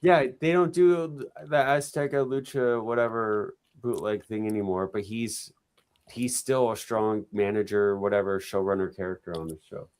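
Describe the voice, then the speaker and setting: A man's voice: lowish voice, normal speed, clean tone, no echo. A man co-hosting a podcast who tells stories in loose, profane chat. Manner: profane, animated storytelling. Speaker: podcast co-host. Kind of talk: casual chat.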